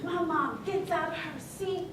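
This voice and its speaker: High-voiced woman telling a funny story. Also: unhurried, background noise. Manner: storytelling, wry and self-mocking. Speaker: speech contestant. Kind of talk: humorous contest speech. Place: large hall with audience. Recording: echoey hall, far from the mic, audience.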